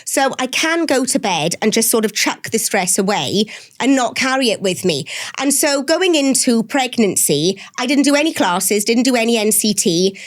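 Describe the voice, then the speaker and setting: Woman in her forties, higher voice, chatty and frank; interview guest. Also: normal speed. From Wales. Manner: chatty, lively, frank storytelling. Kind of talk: casual interview chat.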